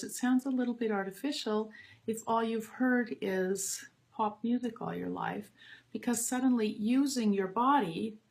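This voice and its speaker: A middle-aged woman, a voice teacher, talks about teaching kids in an enthusiastic, expressive way, dropping to soft asides. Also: mid-range voice, vocal fry. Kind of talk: casual spoken talk on teaching.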